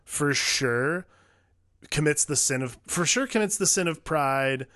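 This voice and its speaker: A man's voice: on the high side, expressive, moderate pace, fairly bright tone, no room sound, clean studio sound. A man co-hosting a casual film discussion, rambling and profane, with many filler words. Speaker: podcast co-host.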